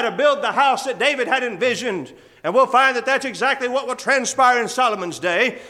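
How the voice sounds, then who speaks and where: A man's voice: very high-pitched, pushed and bright. A man preaching a sermon to his congregation, reading scripture in old English and building to earnest, fervent emphasis.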